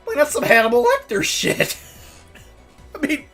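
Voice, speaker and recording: A woman's voice: high-pitched, very animated, a little slow, gravelly, fairly bright tone, soft background music. A woman streamer chatting casually, ranting and swearing with frequent laughter.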